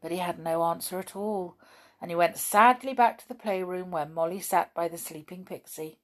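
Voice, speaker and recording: A woman reading a children's story aloud, gentle and expressive, with chatty asides. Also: lowish voice, normal speed.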